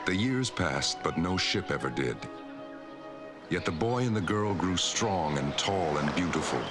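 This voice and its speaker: A man narrating an old movie trailer in a deep, booming voice-over. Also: exaggerated voice. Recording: old film trailer with music.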